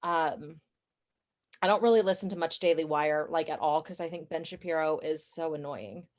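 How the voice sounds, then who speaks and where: Opinionated woman, low-pitched chatty voice. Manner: chatty, opinionated, quick asides and self-corrections. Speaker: podcast guest. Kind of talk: casual interview chat.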